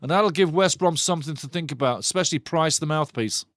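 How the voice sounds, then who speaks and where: Excitable, sweary football watch-along host. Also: male voice, on the high side, quick pace, dry recording, studio quality. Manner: excitable, swears freely, banters with chat. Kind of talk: live passionate football commentary.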